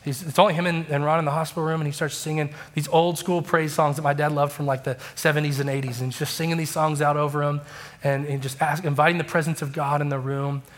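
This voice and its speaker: A man preaching a sermon, telling stories and acting out quoted dialogue with lively emotion. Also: fairly high pitch, fast. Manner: animated, acts out quoted dialogue. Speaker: pastor. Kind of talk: sermon storytelling.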